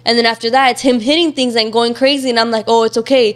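A young woman talks openly and casually as an interview guest. Her voice sits a bit high. She often leans on fillers and sometimes sounds close to tears. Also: steady tone, quick pace. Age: young adult. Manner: casual and open, many fillers, near tears at times. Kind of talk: candid interview conversation.

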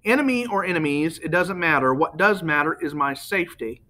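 A man voicing a rich American businessman who speaks softly and persuasively, with a faintly nasal tone. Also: fairly high pitch, lively intonation, fairly quick.

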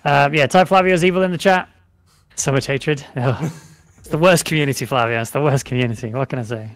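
A man's voice: mid-range voice, quick pace, no echo. A British man co-hosting a live gameplay stream, chatting, joking and repeating giveaway instructions. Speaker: streamer co-host.

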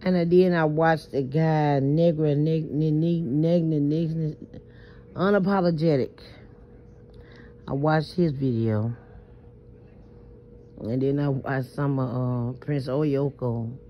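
A woman's voice: low-pitched, fairly even intonation, slow, long pauses, a little hiss or hum. A woman rambles to her phone from bed at night, stammering, emphatic and swearing freely. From Southern US, New Orleans. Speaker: vlogger. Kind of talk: late-night confessional vlog. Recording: muffled lo-fi phone audio.

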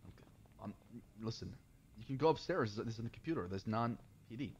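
A hesitant, evasive police officer played by a man answers in a husky, breathy voice through dull, muffled game stream audio. His pitch stays at a middle level. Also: animated, moderate pace, darkish tone. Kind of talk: game role-play.

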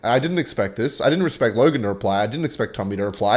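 A young Australian man hosting a casual commentary vlog on online drama, animated and chuckling, with casual swearing. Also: fairly low pitch, rapid-fire, few pauses. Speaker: host.

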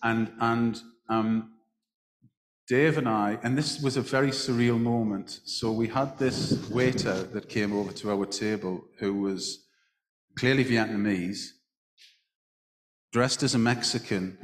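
A man's voice: lowish voice, fairly even intonation, measured pace. A man as the guest at a live stage talk, telling a long anecdote with many restarts. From England. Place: large hall at a book festival. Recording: echoey hall, roomy reverb.

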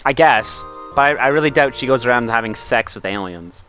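A young man with a bright, lively voice that swings widely in pitch, trading deadpan jokes during a game playthrough. His sarcasm is playful, with faint music behind him. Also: brisk. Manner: dry, sarcastic, playfully grumpy. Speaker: co-host of a gameplay video. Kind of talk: casual gaming commentary.

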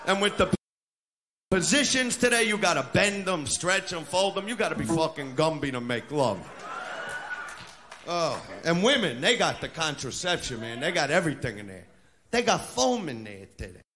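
A man doing a crude stand-up routine in a brash manner, shouting his punchlines. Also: on the high side, very animated, moderate pace. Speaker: stand-up comedian. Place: comedy club stage. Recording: live club recording with crowd noise. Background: audience laughter and noise.

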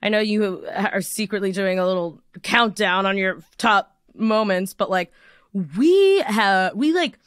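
A woman's voice: mid-range voice, measured pace, smooth, dry recording, studio quality. A woman in her twenties hosting a podcast, chatting casually and telling stories with lots of giggles. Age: 20s. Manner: giggly, animated storytelling with silly voices. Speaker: podcast host. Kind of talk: casual chat.

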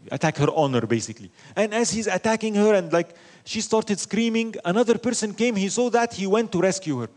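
A man teaching an Islamic lecture, telling stories with rhetorical questions and Arabic phrases mixed in. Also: on the high side. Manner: animated storytelling with rhetorical questions. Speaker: religious teacher.

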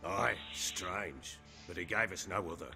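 A man's voice: sits low, unhurried, creaky, bright, forceful tone, full character voice. An actor playing a boastful middle-aged warlord baron in a video game, blustery and coarse as he tells his stories. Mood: gruff. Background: game music.

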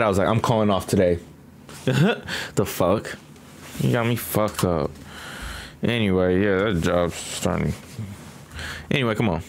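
A man hosting a casual reaction video, rambling and swearing in a relaxed way while high, sometimes mimicking others in squeaky voices. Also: a little hiss or hum.

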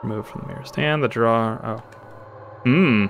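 A man giving casual commentary while he plays a game, chatting and laughing easily, often reading the on-screen text aloud. His voice sits at a middle pitch, with faint noise in the background. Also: normal speed, creaky. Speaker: let's play streamer.

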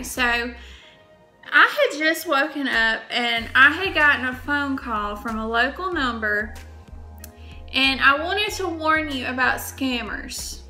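Bright high-voiced woman vlogging. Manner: emphatic, repeats words for stress. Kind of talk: casual chat to camera.

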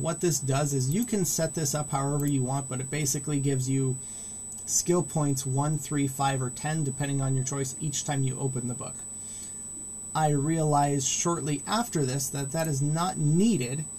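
A man talks through a tutorial in a warm, mellow voice, casual and rambling as he goes. He gets visibly excited about the features he likes. A faint hiss sits under the recording. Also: mid-range voice. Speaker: modding tutorial host. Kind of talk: casual screen-recorded walkthrough.

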